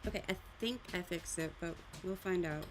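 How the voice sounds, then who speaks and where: A woman with a slightly low voice hosts a relaxed live drawing session from her art studio. She rambles in a friendly way, explaining her tools step by step. A faint hiss sits behind her voice. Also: brisk. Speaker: art livestream host. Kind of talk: casual live drawing demonstration.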